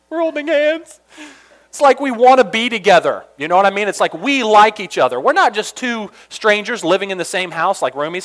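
A young man from Georgia telling a funny personal story in an animated, chatty way, full of asides. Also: high-pitched, normal speed.

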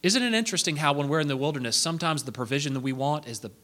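Male preacher, bright and forceful, animated sermon delivery with acted-out asides. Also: fairly high pitch, rapid-fire. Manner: animated, acting out quoted voices.

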